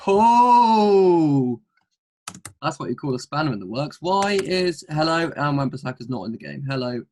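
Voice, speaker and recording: A man's voice: fairly high pitch, lively intonation, a little fast, a little hiss or hum. A young man leading a casual football chat, playful and teasing, laughing often. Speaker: co-host.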